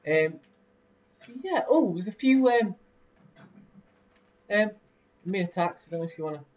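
A man's voice: sits high, animated, measured pace. A young man casually commentating a building game, rambling with lots of fillers and laughs. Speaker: let's play host. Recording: distant lo-fi mic.

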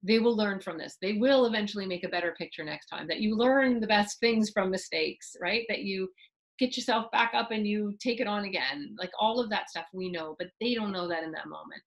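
A middle-aged woman teaching a parenting webinar, explaining with lively asides and acted-out examples. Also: mid-range voice, a little fast, rough recording. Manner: animated, acts out parent and child voices mid-explanation. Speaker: parenting therapist giving a webinar.

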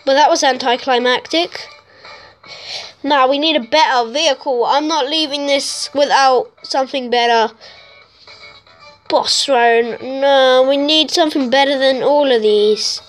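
A woman with a high, bright voice, commentating on a video game in a casual, excitable way. She talks at an unhurried pace, calling out to her viewers. Faint music plays in the background. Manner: excitable, exclaiming and talking to viewers. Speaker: gaming YouTuber. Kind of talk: casual let's-play commentary.

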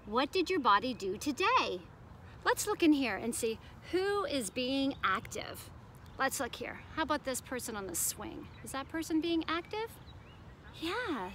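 Female preschool teacher, high bright voice, sing-song storybook reading with questions to kids. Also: slight background noise. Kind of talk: reading a picture book aloud to children.

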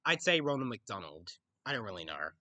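A man's voice: fairly low pitch, sing-song, a little fast, pushed and bright, no echo. A young Australian man answering viewer questions in a casual Q&A video, often noncommittal and hesitant. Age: young adult. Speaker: YouTuber.

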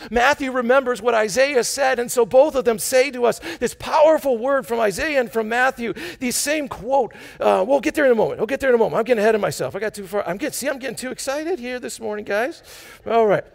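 A pastor preaching in a church sanctuary, a man with a very high, gravelly voice. He preaches with bursts of enthusiasm and loud exclamations, and he makes joking asides to the congregation. He often restarts and repeats words mid-sentence. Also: fast talker, few pauses. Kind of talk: sermon.

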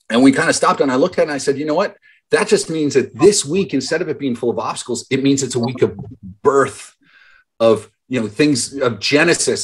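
Guy mentor on a group call, kinda raspy, tells stories and acts out what people said, mid pitch. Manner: storytelling, acts out quoted voices. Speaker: business mentor. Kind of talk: motivational talk to a group call.

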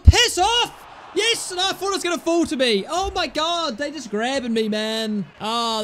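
Excitable young male gamer, high and animated, shouts and swears at his own gameplay. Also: a little hiss or hum. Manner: excitable, yells and swears at the game. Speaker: gaming YouTuber. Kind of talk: live gameplay commentary.

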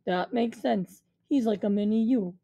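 A woman voicing a huge, deep-voiced male gangster henchman who talks slowly and bluntly in a storybook reading. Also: mellow, dry recording, muffled recording. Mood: amused. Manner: slow, blunt street talk.

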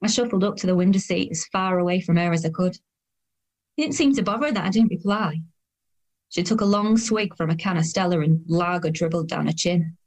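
A woman's voice: on the low side, steady tone, fairly quick, a little mellow, lightly acted. A woman in her thirties narrating in the first person as a weary, self-conscious woman, with a dry, sardonic tone. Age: 30s.

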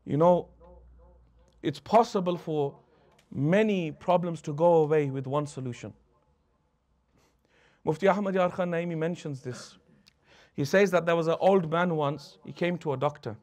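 A man's voice: a little high, moderate pace, long pauses, a little mellow. A man teaching a religious lesson who tells stories, acts out the anecdotes and mixes Arabic phrases into his English. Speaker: Islamic teacher.

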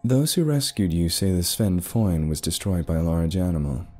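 A young American woman speaks in a sweet, reassuring voice, put on by a male narrator. She stays firm and composed, her tone lifted high and bright. Faint music hums behind her. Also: expressive, moderate pace.

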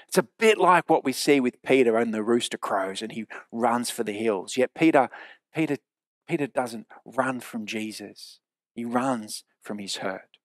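Man preaching, earnest, emphatic, repeats key lines slowly, dry sound. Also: medium pitch, no echo. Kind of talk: sermon. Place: church.

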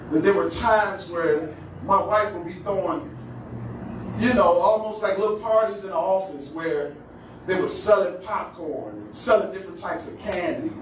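A man pastor with a Cleveland, Ohio accent preaching a call-and-response sermon, climbing into shouted, drawn-out phrases. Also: high-pitched. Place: church sanctuary. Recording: echoey church hall from far off, noisy.

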